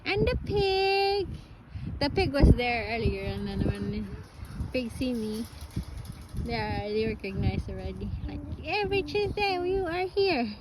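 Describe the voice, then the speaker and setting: A woman's voice: a little high, expressive, moderate pace. A woman from the Philippines filming a casual farm-visit vlog, talking to a child and the animals in a sing-song, coaxing voice. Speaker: vlogger and parent. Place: outdoors at a small farm. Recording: noisy outdoor recording.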